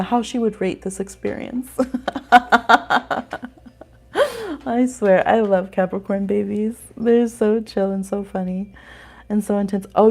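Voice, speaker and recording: A woman's voice: medium pitch, dark tone. A woman hosting a live astrology reading stream, chatting casually and rambling with frequent laughter.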